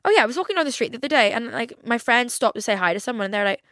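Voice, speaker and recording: A woman's voice: fairly high pitch, lively intonation, rapid-fire, a bit bright, no echo, studio quality. A young woman with a Northern Irish accent, hosting a casual solo podcast and chatting candidly, full of "like" fillers. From Northern Ireland. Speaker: podcast host.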